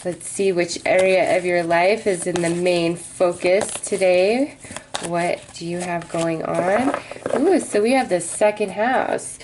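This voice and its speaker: A woman's voice: fairly low pitch, fairly even intonation, takes it slowly, background noise. A middle-aged woman giving a daily tarot reading, chatty and reassuring, with many fillers and asides. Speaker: tarot reader.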